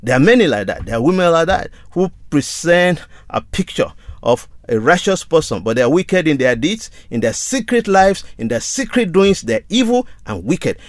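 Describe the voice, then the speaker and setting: A man's voice: a little high, sing-song, normal speed, no room sound. A man preaching a sermon in an earnest tone, reading scripture aloud and repeating key phrases for emphasis.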